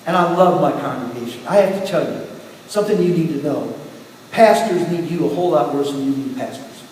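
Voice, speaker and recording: A middle-aged man pastor preaching a sermon with personal testimony, telling his story in turns quiet and emphatic. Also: on the high side, brisk. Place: church sanctuary. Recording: echoey hall from far off, faint hiss.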